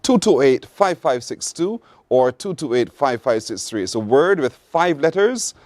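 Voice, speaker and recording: A man's voice: medium pitch, no echo. A Barbadian man hosting a morning show, running a playful call-in word game and reading the news. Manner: lively, playful, drawn-out teasing delivery.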